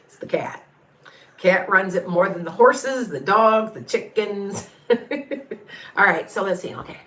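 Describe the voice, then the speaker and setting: A woman's voice: mid-range voice, normal speed, a bit bright. A woman working as a psychic medium. She gives a casual live reading and answers questions in a chatty, rambling way, often breaking off mid-sentence. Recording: echoey room.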